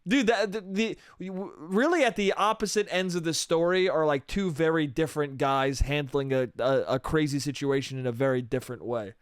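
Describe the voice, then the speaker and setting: A young man hosting a comedy podcast, telling a story in animated, profane, slangy style with lots of quoted voices. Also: on the high side, moderate pace, few pauses, clean tone, dry recording, studio quality.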